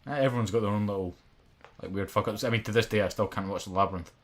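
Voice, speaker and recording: A man's voice: on the low side, racing. A Scottish man in his twenties co-hosting a podcast, rambling and swearing in casual chat. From Scotland. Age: 20s. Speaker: podcast co-host.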